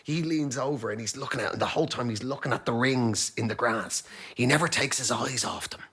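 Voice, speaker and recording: A man telling animated, self-mocking anecdotes as a guest on a comedy panel show. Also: mid-range voice, a little fast, breathy edge.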